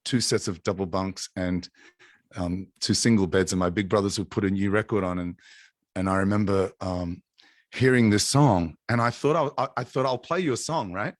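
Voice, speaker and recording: A man's voice: low voice, moderate pace, no room sound, clean studio sound. A man, a musician guest, telling a rambling story on a video call, with restarts. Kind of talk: casual chat and singing with guitar. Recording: guitar playing under the voice. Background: acoustic guitar.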